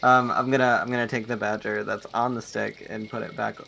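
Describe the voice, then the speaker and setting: A man with a low, heavily gravelly voice plays in a tabletop game, describing his actions hesitantly and easily breaking into laughs. His tone is bright despite the rasp. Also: level tone, brisk, a little hiss or hum. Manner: hesitant, laughs easily, speaks in character in first person. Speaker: player. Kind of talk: casual tabletop role-play.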